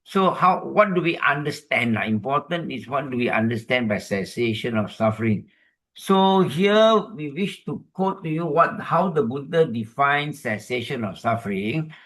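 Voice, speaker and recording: Bright-voiced Malaysian man teaching Dharma. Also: medium pitch, lively intonation. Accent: Malaysian English. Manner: explanatory, checking in with "okay?" and "huh?"; slow measured chanting of Pali verses. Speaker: Dhamma speaker. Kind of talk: Buddhist teaching talk with Pali recitation.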